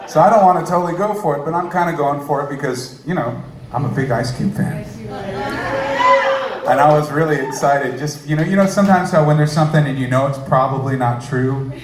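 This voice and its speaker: A man telling a jokey, self-deprecating story to a live audience. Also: medium pitch. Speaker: storyteller, musician. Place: stage before a live audience. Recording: echoey room with audience noise.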